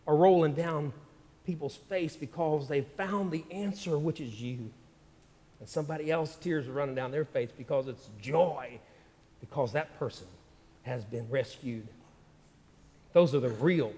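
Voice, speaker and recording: A man preaching as a church pastor, praying and exhorting in an earnest cadence broken by pauses. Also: on the high side. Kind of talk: sermon with spoken prayer. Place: church sanctuary. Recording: reverberant church hall with guitar music underneath. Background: soft guitar music.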